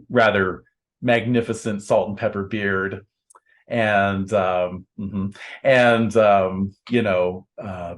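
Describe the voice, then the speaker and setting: A man narrating a tabletop game as game master, describing scenes at length with many fillers and pauses. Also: deep voice. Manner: descriptive, halting with fillers, acts out voices.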